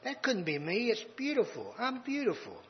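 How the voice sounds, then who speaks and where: A man's voice: wildly swooping pitch, normal speed, slight background noise, exaggerated voice. A man voicing a small, fragile talking teacup that cries out in protest during a read-aloud story, heard on a dull recording in a reverberant hall. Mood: amazed. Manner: high-pitched, crying out in protest.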